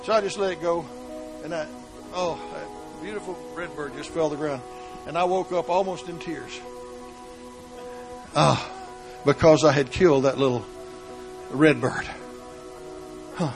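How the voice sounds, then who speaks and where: A preacher delivering a sermon in a high voice. He drops to soft storytelling, then rises to shouted emphasis. Faint music sits behind him. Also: a little slow, pauses often.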